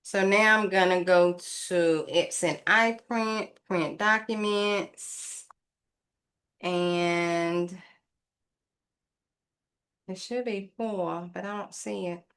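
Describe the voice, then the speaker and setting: A woman's voice: fairly low pitch, steady tone, very slow, long pauses, fairly bright tone. A woman casually narrating a craft tutorial, thinking aloud and rambling to her viewers as she works. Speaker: craft vlogger.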